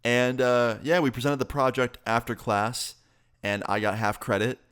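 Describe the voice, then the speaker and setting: A young man vlogger telling a casual, profane story in an animated way. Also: medium pitch, normal speed, clean tone.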